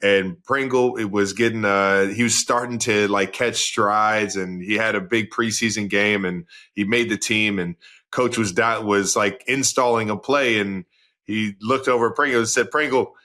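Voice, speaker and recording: A man's voice: on the low side, fairly even intonation, normal speed, pushed and bright. A man in his thirties co-hosting a podcast. He tells stories and asks questions in a loose, rambling way. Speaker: podcast co-host. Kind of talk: casual podcast chat.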